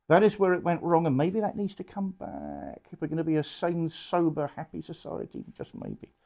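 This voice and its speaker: A man's voice: on the high side, very animated, moderate pace, gravelly, dark tone. A man, a priest, gives an informal public talk to a small audience, conversational and blunt, full of rhetorical questions and asides.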